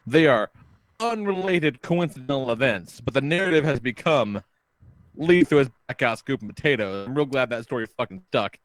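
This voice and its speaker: A man hosting a podcast, telling a long story in casual chat, animated and full of swearing. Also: medium pitch, no room sound. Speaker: podcast host.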